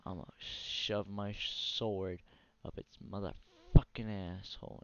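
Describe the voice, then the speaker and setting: A man's voice: low-pitched, level tone, unhurried, clear, resonant tone. Tired, profane young man gaming. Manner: profane, ranting, blunt. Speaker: gaming channel host. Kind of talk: casual let's play commentary. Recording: dry, dull lo-fi mic.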